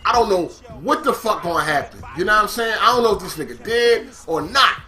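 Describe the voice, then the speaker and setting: Animated man telling a profane story. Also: high voice, fairly quick. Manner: animated, profane street slang, acts out quoted lines loudly. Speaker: storyteller recounting prison life. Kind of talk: casual storytelling monologue.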